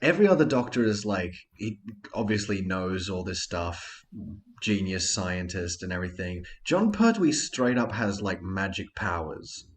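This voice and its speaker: A man co-hosting a casual review podcast, animated, acting out scenes and swearing casually. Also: low-pitched, a little slow. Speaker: podcast co-host.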